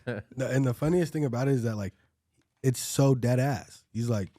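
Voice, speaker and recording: A man's voice: medium pitch, moderate pace, dark tone, dry recording. Chill young guy, slangy, says like a lot, dry recording. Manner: laid-back slang, lots of "like". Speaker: guest, dancer and new comic. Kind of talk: casual chat, storytelling.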